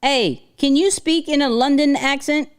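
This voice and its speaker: A woman hosting a casual livestream, talking in an animated, slangy way and laughing often. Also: sits high, measured pace. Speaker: livestream host.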